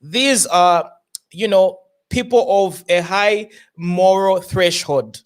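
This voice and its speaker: A man's voice: high-pitched, slow. A man hosting a political discussion panel, speaking English with local phrases mixed in. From Zambia. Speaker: show host.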